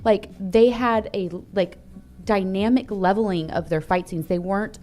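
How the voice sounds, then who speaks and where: A woman's voice: mid-range voice, steady tone, normal speed, a little mellow, faint music behind. A woman co-hosting a casual movie discussion, enthusiastic and chatty. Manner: enthusiastic, chatty, laughs easily. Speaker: co-host.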